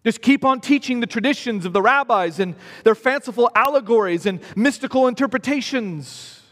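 A man's voice: very high-pitched, expressive, moderate pace, a bit bright. A man preaching a sermon in an emphatic way, repeating phrases for stress. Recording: long reverb of a hall.

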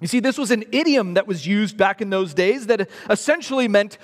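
A man's voice: high-pitched, lively intonation, moderate pace, few pauses. A man preaching a sermon in an emphatic way, repeating phrases for stress. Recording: long reverb of a hall.

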